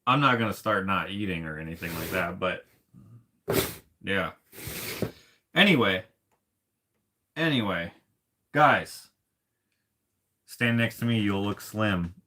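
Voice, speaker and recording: Male artist vlogger, lowish and bright-toned, rambling and self-deprecating. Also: animated, slow pace, long pauses, a little hiss or hum. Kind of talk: casual rambling vlog chat.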